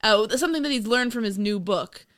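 A woman from the United States co-hosting a casual movie commentary podcast, sarcastic and animated, laughing often. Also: fairly high pitch, a little fast, smooth, no room sound, studio quality. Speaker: podcast co-host.

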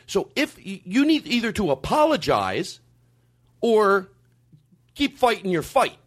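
A man's voice: sits high, measured pace, long pauses. A man hosting a podcast and ranting in an emphatic, comedic way, swearing freely. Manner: animated, emphatic, profane. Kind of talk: comedic rant in casual chat.

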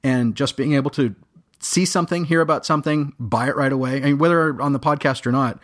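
A man chatting casually as a podcast panelist, halting often with fillers and soft chuckles. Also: mid-range voice. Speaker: guest panelist. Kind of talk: casual chat.

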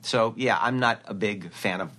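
A man's voice: lowish voice, normal speed. A man, a voice actor, chatting in an interview and acting out quotes as he tells stories. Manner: animated storyteller who acts out quotes. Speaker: voice actor guest. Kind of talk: casual interview chat.

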